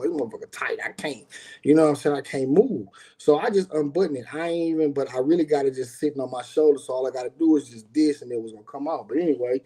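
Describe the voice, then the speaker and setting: A middle-aged man with a mellow, medium-pitched voice is a guest on a live stream. He tells a story from his own life in an easygoing, emphatic, profane manner and keeps turning to speak right to his listeners.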